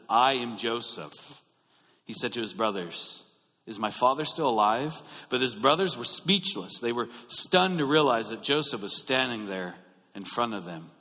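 A man preaching a sermon in an informal way, often restarting his words and growing more animated as he goes. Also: mid-range voice, big-room sound. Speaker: pastor.

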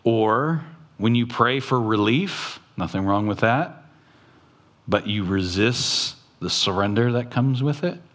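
A man's voice: animated, fairly bright tone. A man preaching a sermon as a pastor, quoting scripture and talking plainly to the congregation, his voice rising at times. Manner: preaching slowly, quoting scripture, with sudden rises in pitch.

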